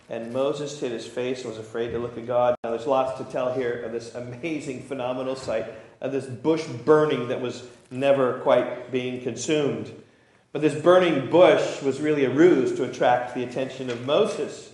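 A man's voice: mid-range voice, normal speed, a little mellow. A man preaching a sermon, reading scripture aloud and then explaining it earnestly, sometimes stumbling into small restarts. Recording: very echoey room.

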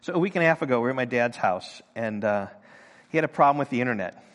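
A man's voice: medium pitch, quick pace. Older man preaching, with hall reverb. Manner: animated storytelling, acting out voices in quotes. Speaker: pastor. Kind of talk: sermon.

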